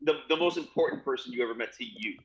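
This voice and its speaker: A man cohosting a casual podcast, trading quick jokes and banter. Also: mid-range voice, muffled recording, noisy background. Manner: joking banter, quick quips. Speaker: podcast co-host. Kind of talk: casual chat.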